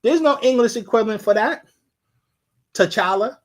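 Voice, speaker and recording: A man's voice: a little high, unhurried, a bit bright. A man giving a casual live-streamed lecture, rambling and repeating himself as he sounds out syllables.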